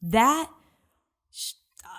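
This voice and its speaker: A woman's voice: very slow, a bit bright. A woman co-hosting a podcast in casual chat, telling stories and acting out her own thoughts as quotes. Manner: chatty storyteller who acts out her own quoted thoughts. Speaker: podcast co-host.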